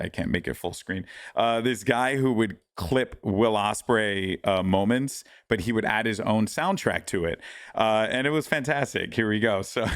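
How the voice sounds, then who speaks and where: A man's voice: fairly low pitch, dry recording, studio quality. A man co-hosting a podcast in casual chat, rambling and restarting his sentences with lots of fillers. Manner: rambling, self-interrupting with many fillers. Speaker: podcast co-host.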